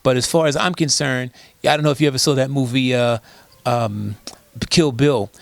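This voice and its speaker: A man's voice: medium pitch, fairly even intonation, normal speed, gravelly, no echo. A man speaking as a guest in an interview, telling stories emphatically and asking rhetorical questions. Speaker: guest, disaster preparedness expert. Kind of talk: conversational interview.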